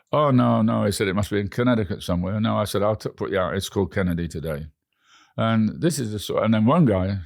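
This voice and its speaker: A man's voice: lowish voice, creaky, no echo, clean studio sound. An older man with a chatty, storytelling manner, recounting travel anecdotes as an interview guest. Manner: chatty, animated anecdotes with quoted dialogue. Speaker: interview guest, frequent flyer.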